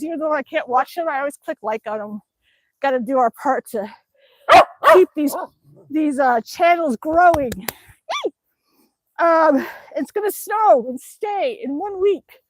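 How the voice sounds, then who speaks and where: A woman's voice: sits high, no room sound. An older woman chatting on a home live stream while pedalling an exercise bike, laughing often and cooing at her dog. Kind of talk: casual live-stream chat reading comments. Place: at home, indoors.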